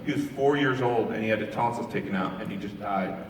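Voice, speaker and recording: A man's voice: lowish voice, quick pace, slight background noise. A touring musician and evangelist, a man, tells stories in an interview and acts out the people he quotes. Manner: animated storyteller who acts out quoted people. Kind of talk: storytelling in an interview. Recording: echoey hall from far off.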